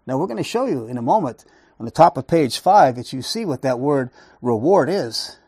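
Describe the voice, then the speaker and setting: A man's voice: mid-range voice, lively intonation, moderate pace, darkish tone, slightly rough, no echo, studio quality. A man leading a Bible study lesson, talking emphatically, asking rhetorical questions and repeating words for stress. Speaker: Bible teacher.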